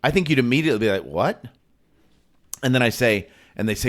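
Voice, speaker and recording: A man's voice: fairly low pitch, animated, quick pace. Man musing aloud over scripture. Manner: thinks aloud, restarts, acts out quoted lines. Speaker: podcast co-host. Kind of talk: casual Bible discussion.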